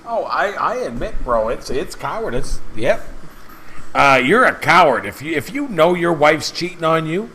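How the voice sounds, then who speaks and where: A man's voice: on the high side, big pitch swings, moderate pace, pushed and bright, husky, rough recording. Fervent man preaching with restarts. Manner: emphatic, repetitive, stumbles and restarts. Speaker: channel host. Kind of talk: impassioned preaching monologue.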